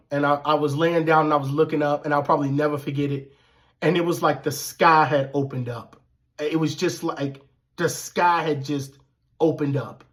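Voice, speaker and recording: Male vlogger, slightly high voice, casual storytelling, animated and profane, acts out quoted lines.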